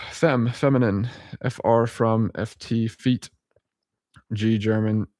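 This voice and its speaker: A young man reading dictionary abbreviations aloud at home in a halting, chuckling way, often correcting himself. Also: lowish voice, fairly even intonation, a little mellow, dry recording. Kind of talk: casual solo reading and chat.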